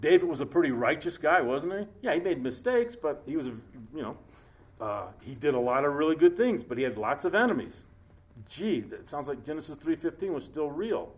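A man preaching a sermon in an easy, talky way, tossing in jokes and quick asides. His voice sits a little high for a man. He slows down and lifts his voice when he reads scripture aloud. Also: expressive. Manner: conversational, joking, reads scripture aloud slowly. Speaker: pastor. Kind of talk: sermon, Bible study.

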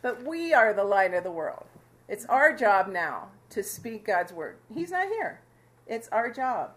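A woman casually teaching a Bible passage to a small fellowship group, chatty and quick to laugh with them. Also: medium pitch, very animated. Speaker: Bible study leader.

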